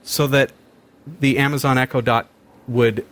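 A man's voice: medium pitch, steady tone, measured pace, a bit bright. A man hosting a casual chat, talking in an upbeat, chatty way and often restarting his sentences as he demonstrates gadgets. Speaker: host demonstrating smart speakers.

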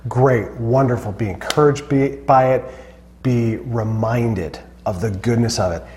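A man's voice: mid-range voice, measured pace, darkish tone, slight background noise. A man co-hosting a Christian talk show, earnest and reflective, often restarting his sentences. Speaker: co-host.

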